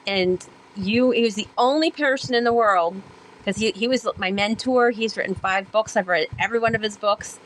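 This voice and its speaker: A woman guest on a podcast who is a sailor and author, telling her experiences in an animated, rambling way with many fillers and acted-out quotes. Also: medium pitch, normal speed, low-quality recording. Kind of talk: conversational storytelling interview.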